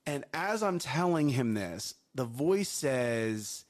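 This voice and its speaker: A man co-hosting a morning talk show, chatting casually in an animated way, often repeating himself and laughing. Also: mid-range voice, slow, hardly any pauses. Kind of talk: casual chat.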